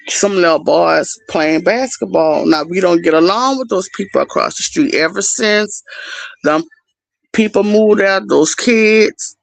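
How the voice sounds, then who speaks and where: A middle-aged woman on a livestream, telling a story in an animated, casual way straight to her viewers. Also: medium pitch, creaky, dry recording. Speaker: livestream host.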